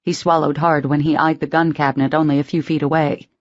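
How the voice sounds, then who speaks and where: Female audiobook narrator, low voice, even read, dry muted studio sound. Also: fast talker, no echo, dull audio.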